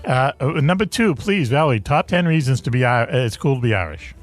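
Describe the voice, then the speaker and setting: A male podcast host with a lively, swooping voice that rises and falls a lot. He banters in casual chat, laughs easily and stumbles through fillers, with faint music under him. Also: medium pitch, fast. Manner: jokey, laughs often, hesitant with fillers.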